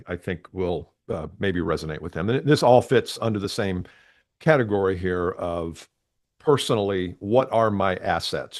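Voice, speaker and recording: A man's voice: sits low, dry recording, clean studio sound. A man in his sixties, a podcast guest giving earnest, direct motivational advice. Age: 60s.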